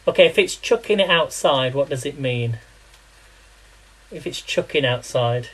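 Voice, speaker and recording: A man's voice: medium pitch, expressive, measured pace, fairly bright tone, low-quality recording. A man chatting casually to viewers during a live cooking stream. He rambles, laughs often and quizzes viewers on words. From England. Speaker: live-streaming home cook.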